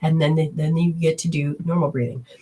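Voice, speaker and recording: A woman's voice: low voice, steady tone, moderate pace, dark tone, slightly rough. A woman hosting a spiritual healing talk, explaining steps in a rambling, instructive way and speaking straight to her listeners. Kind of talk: casual teaching talk.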